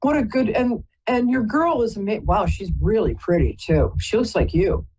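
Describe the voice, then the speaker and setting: A woman's voice: medium pitch, expressive, moderate pace, a little mellow, husky, dull audio. A woman hosting a live call-in psychic reading, chatty and rambling, often stopping to apologize. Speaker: psychic reader and host.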